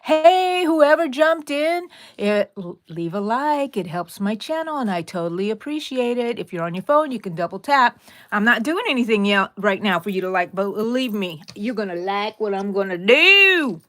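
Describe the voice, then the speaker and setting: A woman's voice: mid-range voice, animated, normal speed, pushed and bright, no room sound. A woman hosting a crochet live stream, chatting playfully, laughing often and greeting viewers by name. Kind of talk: casual live-stream chat.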